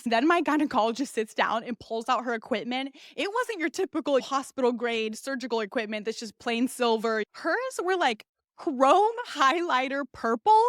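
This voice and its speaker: A woman's voice: sits high, lively intonation, normal speed, fairly bright tone, no room sound, studio quality. A young woman hosting a podcast, telling a personal story in a candid, blunt, crude way. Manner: candid, blunt and crude, acts out the nurses' soothing voices. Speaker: podcast host. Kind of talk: casual storytelling monologue.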